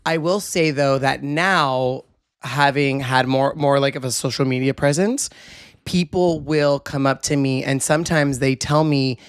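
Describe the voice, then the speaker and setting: A man co-hosting a podcast in loud, excitable casual chat, with a distinctive voice that people comment on. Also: mid-range voice, a little slow, clean tone, no room sound, studio quality. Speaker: podcast co-host. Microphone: handheld microphone.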